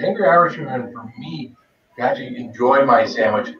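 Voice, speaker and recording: Eating spicy food on a casual stream, this man chats away and calls out viewers by name, his medium-pitched voice lively in intonation and normal in speed. The audio is dull and lo-fi.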